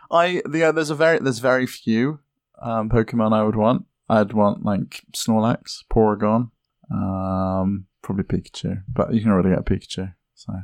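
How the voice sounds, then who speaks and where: A man co-hosting a gaming podcast in a laid-back, teasing way, often starting his sentences haltingly. His voice is fairly low and sounds close and dry. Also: steady tone, no echo. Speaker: podcast co-host. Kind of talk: casual gaming podcast chat.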